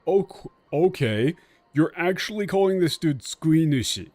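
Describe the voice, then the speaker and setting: 男主播，随口骂几句的游戏解说. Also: male voice, fairly high pitch, lively intonation, a little slow, darkish tone, no room sound, faint music behind. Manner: analytical, picks apart translation word by word; casual, swears freely. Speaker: game streamer. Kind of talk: let's play commentary.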